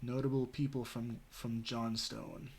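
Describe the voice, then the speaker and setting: Chatting casually with his stream audience, a man from the American Southwest rambles and swears, peppering his talk with "you know" and "like." His medium-pitched voice is husky with vocal fry, a little slow, and stays fairly flat.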